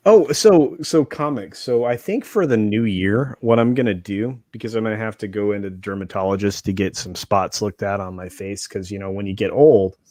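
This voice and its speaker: A man's voice: fairly low pitch, moderate pace, hardly any pauses, mellow, no room sound, studio quality. A man co-hosting a casual live stream, joking and laughing often.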